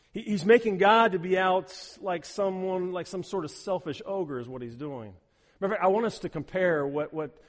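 Emphatic preaching man in a reverberant hall. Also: fairly high pitch. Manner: emphatic, repeats words while building a point. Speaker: pastor. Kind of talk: sermon.

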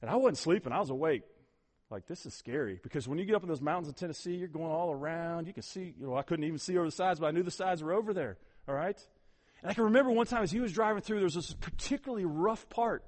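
A male pastor preaching with a fairly high voice, telling stories with animated energy. He pushes hard on key lines and then drops to a hushed, intimate near-whisper. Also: fast talker. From Ohio. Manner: animated storytelling, swings from loud emphasis to hushed near-whisper. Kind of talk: sermon.

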